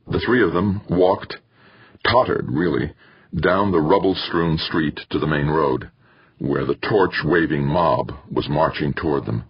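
A man narrating an audiobook in a steady, somber way. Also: extremely low pitch, unhurried, slightly rough, no room sound. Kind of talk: scripted narration. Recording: muffled dry recording.

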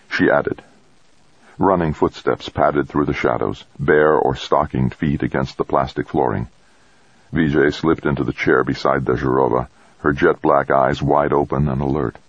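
A man narrating an audiobook in an even, measured storytelling manner. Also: very deep voice, no echo, highs cut off. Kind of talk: scripted narration.

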